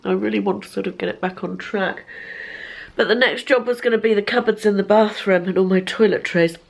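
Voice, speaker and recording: Woman, 50s, vlogger with a cold; hoarse, gravelly, rambling home chat into a camera mic. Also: medium pitch, fairly even intonation, brisk. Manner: chatty, self-deprecating, rambling. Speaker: lifestyle vlogger. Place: bedroom at home.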